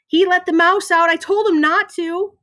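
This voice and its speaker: A woman's voice: very high voice, steady tone, normal speed, bright, forceful tone, pitched above the performer's own voice. A woman voicing a smug schoolboy tattletale who gloats over others' trouble. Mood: gloating.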